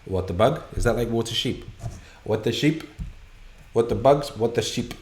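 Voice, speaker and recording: Swearing, excitable man on a live stream. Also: medium pitch, normal speed, roomy sound. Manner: excitable, heavy swearing, laughs and rambles. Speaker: host of a live viewer Q&A broadcast. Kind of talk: casual live-stream chat, reading viewer questions. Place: home studio room.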